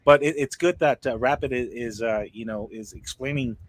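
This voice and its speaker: An American man hosting a podcast in casual chat, often repeating words as he searches for what to say. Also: medium pitch. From United States. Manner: halting, repeats words while searching for them. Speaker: podcast host.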